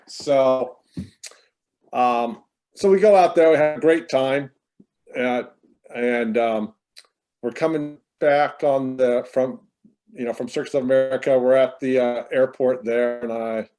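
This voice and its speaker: A man's voice: mid-range voice, fairly even intonation, unhurried, darkish tone. A man, brother of the deceased, telling a long story at a memorial over a video call, rambling with many fillers and restarts.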